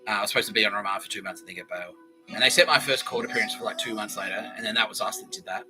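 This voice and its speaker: Speaking very fast in a lowish voice, a male podcast host with an Australian accent spins a profane, wandering comic tale and laughs frequently. Music runs beneath him, and the audio is poor.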